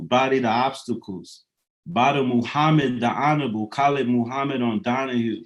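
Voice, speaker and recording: A man with an average-pitched voice talks off the cuff in a rambling, profane monologue. He slides from loose banter into earnest philosophizing and leans on fillers as he goes. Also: normal speed. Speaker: rapper.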